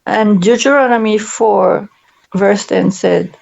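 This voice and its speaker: Slow gravelly woman reading scripture. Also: mid-range voice, darkish tone, muffled recording. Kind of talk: reading scripture aloud and leading discussion.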